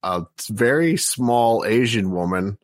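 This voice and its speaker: Low-voiced man, dry close podcast sound. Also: takes it slowly, dry recording. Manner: relaxed, uses many "uh" fillers while plugging shows. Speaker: podcast co-host. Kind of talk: casual podcast banter.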